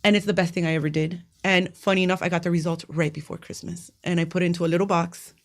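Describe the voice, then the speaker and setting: A woman guest in a casual interview, telling a personal story quickly and animatedly, sometimes acting out what people said. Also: on the low side. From Miami, United States. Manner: fast, animated storytelling with acted quotes. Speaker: interview guest, cancer patient.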